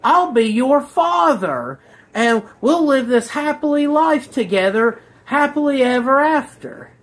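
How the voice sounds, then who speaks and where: Reviewer doing a sappy crybaby wizard guy, voice pushed up high, all gushy. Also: very animated, unhurried, fairly bright tone, full character voice. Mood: gushing. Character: fickle crybaby male magician.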